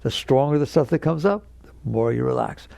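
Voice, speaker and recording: This spiritual teacher's medium-pitched voice is warm with vocal fry, and his pace is brisk; there's no room sound. Before an audience he speaks with emphasis, repeating key words and acting out inner voices in quotes with a chuckle.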